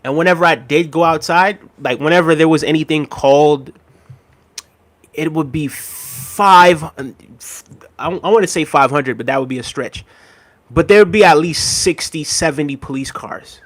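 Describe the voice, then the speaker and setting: Young guy rambling on his stream, laughs a lot, voice a bit on the high side. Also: normal speed. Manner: relaxed, rambling, laughs often. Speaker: livestream host. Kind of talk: casual chat reading viewer comments.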